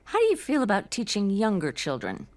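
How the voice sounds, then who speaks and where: A woman's voice: mid-range voice, a little fast. A woman reading a polite job interviewer in a scripted textbook listening dialogue. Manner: clear, lively question intonation.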